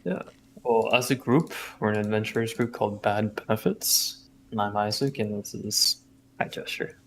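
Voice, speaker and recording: A man's voice: on the low side, steady tone, moderate pace, a little hiss or hum. Easygoing male tabletop player. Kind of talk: casual tabletop play.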